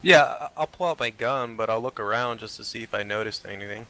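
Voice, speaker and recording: Bright-voiced male tabletop player. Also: fairly low pitch, fast. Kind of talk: casual tabletop game chat.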